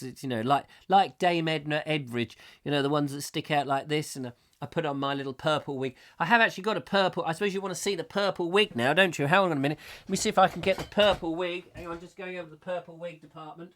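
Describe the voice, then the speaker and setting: A man's voice: a little high, fairly even intonation, fast talker, fairly bright tone. A man in middle age hosting a comic live chat show, rambling playfully and swooping into silly voices. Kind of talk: live comic monologue reading viewer comments.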